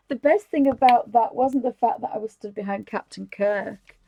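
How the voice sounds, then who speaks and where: A woman's voice: a little high, a little slow, gravelly, lo-fi sound, slight background noise. A woman, chatting casually and giggling as she hosts a live stream. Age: 50s. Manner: chatty and giggly, rambling with restarts. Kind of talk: casual chat, showing things to camera.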